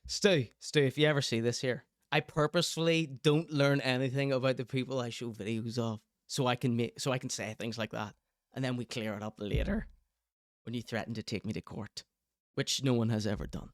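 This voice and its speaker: A man's voice: mid-range voice, steady tone, a little fast, no room sound, studio quality. A man hosting a livestream, reacting to clips and reading chat with jokey, self-mocking banter. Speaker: show host.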